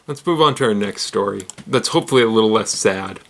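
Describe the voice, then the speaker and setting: A man hosts a casual weird-news roundup in a lowish, expressive, fairly bright voice, speaking quickly with vocal fry. He rambles and giggles, poking fun at himself when he stumbles over words.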